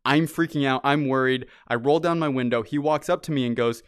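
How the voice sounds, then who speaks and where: A man's voice: on the high side, normal speed, hardly any pauses, clear, resonant tone, dry recording, clean studio sound. A young man, a podcast host, telling a story in casual chat and acting out the voices of the people in it. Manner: animated, acts out voices in his stories.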